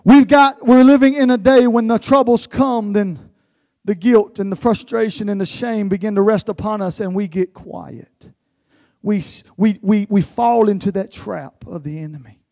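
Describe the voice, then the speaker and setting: A man preaching a sermon, building to impassioned shouted pleas with a repetitive cadence. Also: sits high, moderate pace, vocal fry, no room sound.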